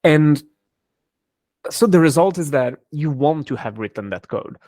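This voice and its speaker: A man's voice: on the high side, expressive, unhurried, a little mellow, no room sound. Dry-sounding man, thoughtful and hesitant. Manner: thoughtful, hesitant with many fillers and restarts. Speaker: cryptography engineer and guest. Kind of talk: conversational interview answers.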